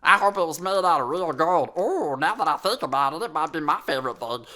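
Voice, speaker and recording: A woman's voice: low voice, lively intonation, brisk, bright, forceful tone. A woman voicing a chatty, sassy talking sheep. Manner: playful, chatty, sassy asides to the listener. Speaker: storyteller host. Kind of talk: children's puppet story reading.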